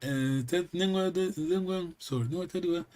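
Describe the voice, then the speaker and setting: A man teaching a language class in a halting way, repeating words and checking in with "yes?" again and again. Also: high-pitched, darkish tone.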